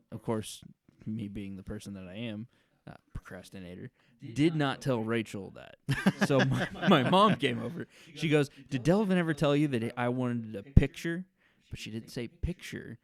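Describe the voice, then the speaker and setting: A young man co-hosting a podcast, chatting casually and telling animated stories, swearing freely. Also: fairly low pitch, vocal fry. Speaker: podcast co-host. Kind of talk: casual chat.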